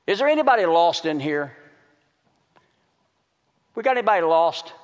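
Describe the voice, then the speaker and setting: Male preacher, higher-pitched voice, alternates loud calls and hushed pleas; long hall reverb. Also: very animated, moderate pace, long pauses. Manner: swings between loud calls and hushed pleading. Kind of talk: sermon. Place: large hall with an audience.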